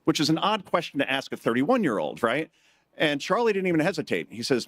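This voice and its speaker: A man's voice: a little high, very animated, brisk, a bit bright. A middle-aged man giving a live speech at a conference, telling jokey stories and acting out quotes in changing voices. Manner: joking storyteller who acts out quotes in shifting voices. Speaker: conference speaker. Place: conference hall stage.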